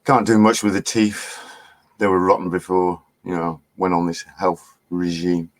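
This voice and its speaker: Middle-aged man, very deep voice, casual rambling live-stream host, laughs and swears. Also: steady tone, normal speed. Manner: chatty, laughing, swearing, distracted by chat. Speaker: livestream host.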